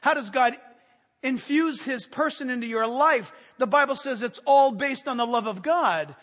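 A man preaching a sermon as a pastor, telling stories with animated energy and sudden shouted commands. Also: very high voice, normal speed. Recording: long hall reverb.

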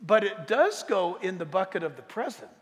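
A man preaching a sermon, reading scripture emphatically and dropping to quiet asides. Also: big pitch swings, moderate pace. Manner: emphatic, rises loud when reading scripture, drops low for asides. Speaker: pastor. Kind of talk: sermon teaching on Bible prophecy. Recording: echoey hall reverb.

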